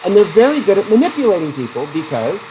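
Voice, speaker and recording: A man's voice: high voice, quick pace, a little hiss or hum, rough recording. A middle-aged man teaching a psychology class, lecturing with questions to the students and personal stories. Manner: animated, talks to students with questions and anecdotes.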